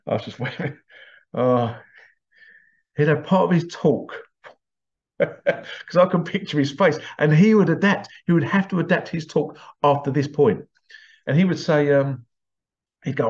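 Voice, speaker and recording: A man's voice: on the high side, measured pace, pauses often, lo-fi sound. Chatty man telling stories. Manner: chatty, often breaks into laughter. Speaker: host. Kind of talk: casual anecdotal storytelling.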